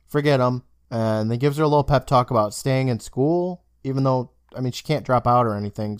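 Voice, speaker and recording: In a smooth, medium-pitched voice, a young man recaps a TV episode with his podcast co-host, casually chatting and animatedly voicing the characters' lines. The recording is dry with clean studio sound.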